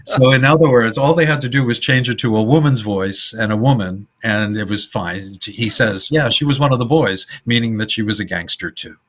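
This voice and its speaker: A middle-aged man co-hosting a podcast, retelling old comedy film scenes in a casual, animated way. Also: on the low side, normal speed, few pauses. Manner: animated retelling, acts out quoted lines in funny voices. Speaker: podcast co-host.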